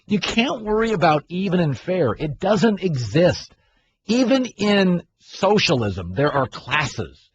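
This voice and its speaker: A brash middle-aged man holds forth on sports talk radio, arguing his points and firing questions at the audience. His voice sits a little high. The audio sounds dull and carries a faint hiss. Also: sing-song, slow. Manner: brash, argumentative, mimics people in loud voices.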